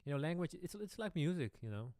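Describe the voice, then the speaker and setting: A man, a pianist casually answering questions on his own live stream Q&A, relaxed and rambling. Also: a little high, fast talker, no echo, studio quality. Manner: relaxed, rambling, chuckling asides. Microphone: studio microphone.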